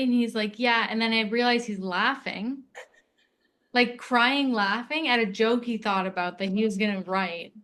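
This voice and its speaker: Woman telling stories in quick bursts. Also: on the high side, fairly bright tone. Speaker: podcast guest. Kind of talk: casual conversation.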